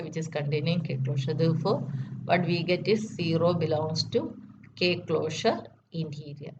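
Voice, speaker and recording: A woman's voice: lowish voice, a little mellow. A woman lecturer working through a mathematics proof step by step, often repeating key statements. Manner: methodical, repeats key steps. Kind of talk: math lecture. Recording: dull lo-fi recording with faint noise.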